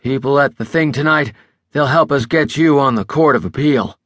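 Guy doing a boozy old fixer, stubborn and rambling, voice pushed up higher, dry. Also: normal speed, a bit bright, no room sound, lightly acted. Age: older. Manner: rambling, backslapping bluster. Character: tipsy older male political fixer, chatty, stubborn.

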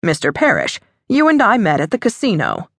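A woman voicing a courteous, formal young gentleman in an audiobook. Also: mid-range voice, huge pitch swings, fairly quick, dry recording. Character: polite, proper young gentleman.

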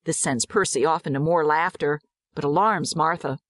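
A woman narrating a dramatized audiobook in a measured, descriptive way. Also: deep voice, no room sound, studio quality.

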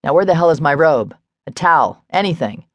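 A gruff, short-tempered grown man in a romance audiobook, as a woman narrator reads him. His voice sits low and sounds close and dry, with no room around it. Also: animated, fairly quick, no echo, muffled recording. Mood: exasperated. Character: irritated, embarrassed adult man.

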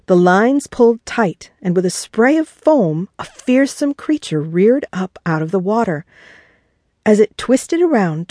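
A woman, the author, narrating her own children's audiobook in a measured way. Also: medium pitch, mellow, no echo, studio quality. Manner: slow, measured reading.

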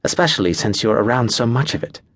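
A man's voice: medium pitch, lively intonation, quick pace, fairly bright tone, dry recording, studio quality. A man voicing a terse, blunt warrior woman. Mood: curt.

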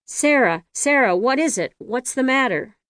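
A woman's voice: mid-range voice, big pitch swings, a little fast, no room sound, clean studio sound, natural voice. A woman reading the lines of a worried neighbor woman asking urgent questions, in an audiobook.

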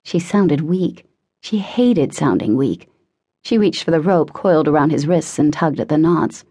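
Audiobook narrator, woman, husky lower voice, dramatic measured read. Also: dark tone. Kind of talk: scripted narration.

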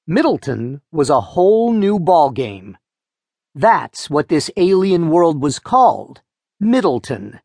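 An expressive man narrates a children's book with a wry, storytelling lilt. His pitch roams widely, and the close studio sound is dry. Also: no echo. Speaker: audiobook narrator.

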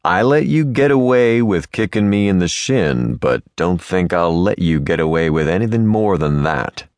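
A man voicing a rough outlaw cowboy with a slow drawl in a Western audiobook. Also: low-pitched, big pitch swings, darkish tone, no echo, studio quality. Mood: teasing.

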